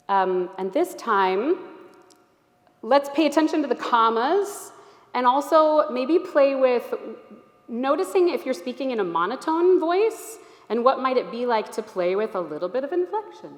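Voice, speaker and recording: A woman teaching a church group, her voice sitting a little high and friendly as she coaxes people to try things out. She speaks in a large hall, and her words ring on with a long, roomy echo. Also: animated, unhurried. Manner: gentle, encouraging, invites the group to try things. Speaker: Alexander Technique teacher leading a workshop. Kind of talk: guiding a group exercise.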